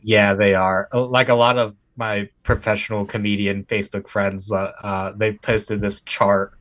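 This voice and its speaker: A man's voice: fairly low pitch, level tone, normal speed, a bit bright. A man co-hosting a comedy podcast, blunt and ranting, with bursts of laughter. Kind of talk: casual comedy chat.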